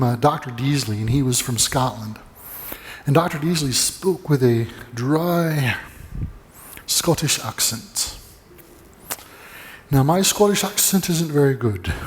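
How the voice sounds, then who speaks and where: A man's voice: on the high side, darkish tone, in a large hall. A male pastor giving a sermon in casual storytelling style, often repeating words as he restarts sentences. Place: church sanctuary.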